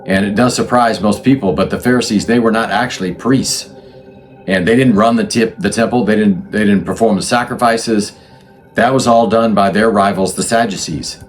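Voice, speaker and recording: A man's voice: fairly low pitch, slight background noise. A man hosting a history talk, explaining in a loose, unscripted way with frequent restarts and self-corrections. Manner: conversational, thinks aloud with restarts and self-corrections. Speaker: channel host explaining religious history.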